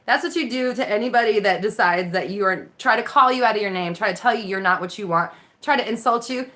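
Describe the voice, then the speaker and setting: A mindset coach hosts a casual live Q&A on her phone, responding to viewer comments with lots of laughter and offhand swearing. Her voice is medium-pitched, fast, and a bit bright.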